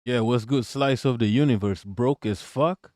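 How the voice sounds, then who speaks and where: A man hosting a casual livestream, reacting to a video and shouting out his chat in slangy, profane talk. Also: mid-range voice, moderate pace, no room sound, studio quality.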